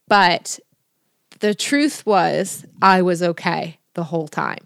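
A woman hosting a casual podcast interview, telling stories in an animated, emphatic way. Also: lowish voice, slow, gravelly, smooth, no echo, clean studio sound. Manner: animated storytelling, expressive and emphatic. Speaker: podcast host.

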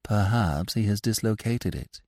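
A practical middle-aged wife, voiced by a male narrator speaks in a quiet, matter-of-fact way. It is a dry, close storybook reading. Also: on the low side, animated, measured pace, no room sound.

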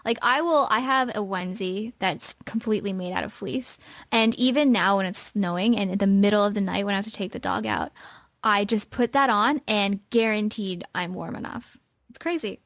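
A woman's voice: medium pitch, moderate pace, a bit bright, no room sound. A woman co-hosting a podcast, chatting in a light, friendly way. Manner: light and friendly, laughs easily. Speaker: podcast co-host. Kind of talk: casual chat.

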